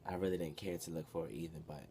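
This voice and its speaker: A young man telling a story from his past in a casual, animated, profane way, with sudden loud bursts. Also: very deep voice, very fast, a little hiss or hum. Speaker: vlogger.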